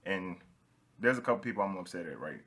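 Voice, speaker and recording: A young male podcast host with a bright, clear tone, chatting casually. He tells stories with rising energy and laughs as he goes. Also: deep voice, fast. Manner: animated storyteller, laughs while telling stories.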